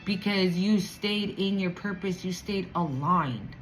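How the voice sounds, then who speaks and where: A woman giving a channeled spiritual reading to viewers, emotional and animated, swearing casually. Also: on the low side, slow, soft background music, rough recording. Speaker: spiritual reader.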